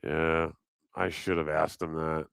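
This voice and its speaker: A man's voice: very deep voice, flat delivery, a little slow, gravelly, fairly bright tone, clear, resonant tone, no room sound. A man hosting a live stream, chatting casually in a rambling, profane, joking way. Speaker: livestream host. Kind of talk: casual livestream chat.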